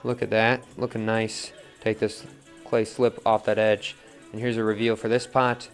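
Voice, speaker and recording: Man, casual pottery demo, chatty and relaxed, faint music behind. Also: fairly low pitch, normal speed. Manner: relaxed, chatty, lots of "like" and "right?". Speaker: pottery teacher.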